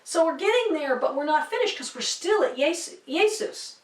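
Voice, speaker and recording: Chatty female Bible teacher, high pitch, recorded from a distance in a reverberant room. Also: expressive, brisk. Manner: chatty, with fillers and asides, checking in with "okay?" and "right?". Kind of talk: casual classroom explanation. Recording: echoey room, mic at a distance.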